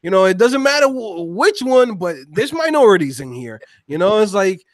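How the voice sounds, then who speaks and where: A man co-hosting a casual podcast conversation, talking in an animated, slangy, emphatic way. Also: sits high, moderate pace, dry recording, studio quality. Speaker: podcast co-host.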